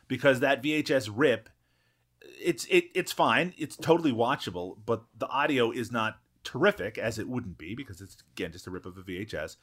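A man's voice: mid-range voice, lively intonation, a little fast, fairly bright tone. A man co-hosting a film podcast, talking casually and at length, with frequent restarts and swearing. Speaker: podcast co-host. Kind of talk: casual chat.

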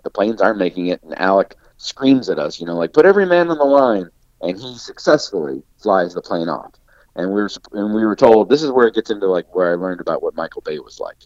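A very low-voiced man recounts a story in a loose, animated way, peppering his sentences with "like." His voice comes through dry and a bit dull, as on a lo-fi recording. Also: dry recording. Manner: animated storyteller, heavy use of "like" fillers. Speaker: podcast guest, actor. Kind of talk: casual anecdote-telling.

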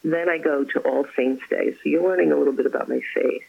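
A woman, an author, chatting as an interview guest and telling stories about her faith with effusive warmth. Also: low voice, quick pace, creaky, slightly rough, narrow, tinny audio. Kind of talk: casual interview chat.

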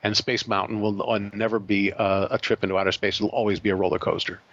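A man's voice: fairly low pitch, fast, no echo. A man tells a story as an interview guest and acts out the voices in it with lots of energy. The sound is close and dry, with a slightly dull, muffled top end. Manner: animated, acts out quoted voices. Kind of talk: storytelling anecdote.

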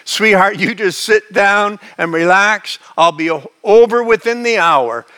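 A man's voice: sits high, measured pace, bright, forceful tone, smooth. A man doing a soothing motherly woman on the phone. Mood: reassuring. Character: warm reassuring middle-aged mother on phone.

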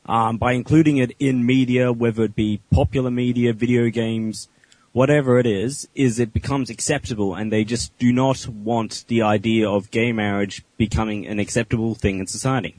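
A man from Australia with an Australian accent, calling in calmly to give his opinion. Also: medium pitch, normal speed, no echo, poor audio. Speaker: caller.

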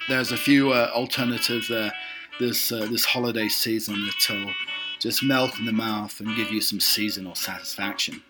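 A man's voice: lowish voice, steady tone, normal speed, over music. A man hosting a casual show, reading items one by one with enthusiastic asides. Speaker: host. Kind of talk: casual read-through of lists.

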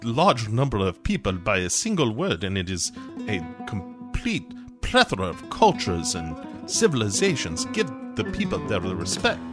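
A man's voice: fairly low pitch, wildly swooping pitch, normal speed, music in the background. A man co-hosting a podcast, critiquing a movie in wry, casual chat. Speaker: podcast co-host.

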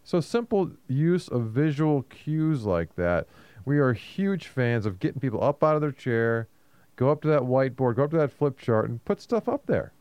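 Chatty man with a smooth, dry voice. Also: mid-range voice, big pitch swings, moderate pace, darkish tone, no echo. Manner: chatty, repeats words, laughs easily. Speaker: co-host. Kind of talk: casual radio talk.

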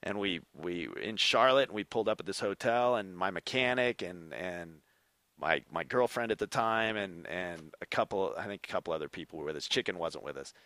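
A middle-aged man, a former motocross racer, telling stories as a podcast guest in an animated way and swearing freely. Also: deep voice, brisk, no echo. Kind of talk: casual storytelling.

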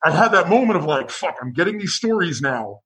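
A man with a somewhat high voice co-hosts a podcast in relaxed chat. He talks loosely, with many fillers and casual swearing. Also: a little fast, rough recording. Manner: loose, profane, filler-heavy.

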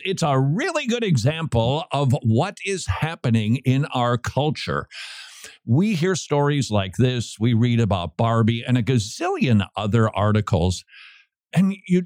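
A man hosting a talk radio show, giving animated commentary and teasing his co-host. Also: medium pitch, dry recording. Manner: animated, teasing, reads lyrics aloud.

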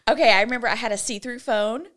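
A giggly woman in her forties co-hosts a podcast in casual chat, her voice sitting fairly high. She talks in a chatty, easygoing way. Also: quick pace, fairly bright tone. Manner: giggly, chatty, quotes movie lines in put-on voices. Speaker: podcast co-host.

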